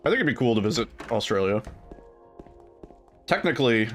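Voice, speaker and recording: A man's voice: medium pitch, sing-song, brisk, fairly bright tone, faint music behind. A man casually chatting and laughing as he streams a game, with goofy asides to his chat. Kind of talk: casual gameplay commentary.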